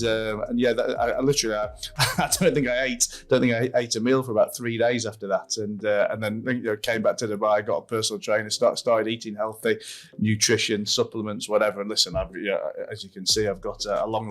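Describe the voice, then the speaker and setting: A man's voice: on the low side, little pitch movement, fairly quick. A man hosting a podcast, telling a long personal story with lots of repeats, restarts and swearing. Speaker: podcast host. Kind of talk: casual interview chat.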